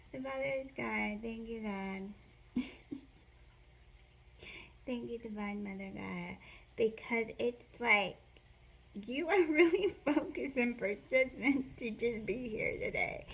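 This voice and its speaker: A woman doing a casual card reading to camera, playful and joking, laughing often, sometimes slipping into soft whispered affirmations. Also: a little high, vocal fry, slightly rough. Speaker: spiritual card reader.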